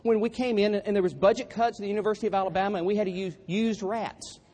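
A man's voice: high-pitched, steady tone, fast talker, warm tone. A man preaching a sermon through humorous, self-deprecating storytelling.

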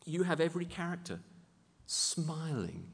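A man's voice: on the high side, big pitch swings, unhurried, creaky, breathy edge. A man preaching a sermon in a church, emphatic and building to fervent peaks. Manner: emphatic, rising to fervent intensity. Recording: long hall reverb.

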